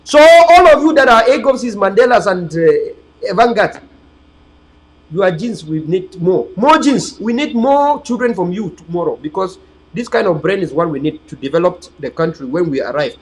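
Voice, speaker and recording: A man's voice: high-pitched, expressive, normal speed, darkish tone, rough recording. A man, hosting an online political channel in a rambling, preachy, emphatic livestream monologue to his viewers.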